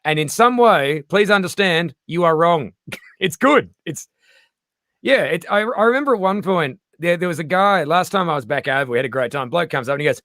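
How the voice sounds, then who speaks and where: A middle-aged Australian man, a comedian guest in casual chat, animated and swearing freely as he acts out little voices. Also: a little high, brisk, no room sound, clean studio sound.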